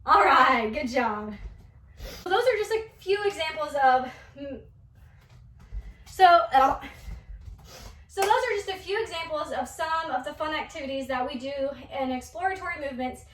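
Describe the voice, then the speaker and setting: Bright, high-voiced dance teacher woman. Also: normal speed, distant mic. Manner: animated, coaxing, speaking to young children. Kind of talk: kids' movement class demonstration. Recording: echoey room, voice away from mic.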